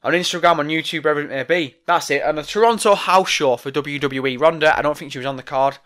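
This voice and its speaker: A man's voice: fairly high pitch, fast talker, fairly bright tone. A man delivering an angry, profane, sarcastic rant about wrestling. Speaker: wrestling commentator. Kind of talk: ranting monologue.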